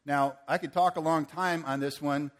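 A man preaching a sermon, swinging from forceful declarations to playful banter with volunteers he calls on stage. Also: a little high, fairly even intonation, moderate pace. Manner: rises to forceful proclamations, then playful and joking with volunteers. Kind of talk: sermon with live audience demonstration.

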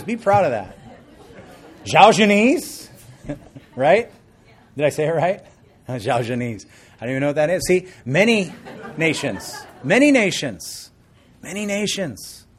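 A man's voice: fairly high pitch, husky. A man preaching a sermon as pastor, explaining scripture and joking with the congregation. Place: church service before a congregation.

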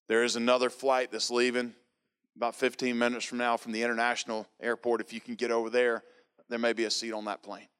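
A man's voice: medium pitch, monotone, fairly quick, a bit bright, clear, resonant tone. A man preaching, telling a personal testimony emphatically, with lots of repetition. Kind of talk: sermon testimony.

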